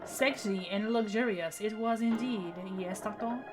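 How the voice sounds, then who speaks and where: A woman voicing a courtly male pigeon gentleman in a deliberately bad, exaggerated French accent. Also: medium pitch, music in the background, lightly acted. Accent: fake French.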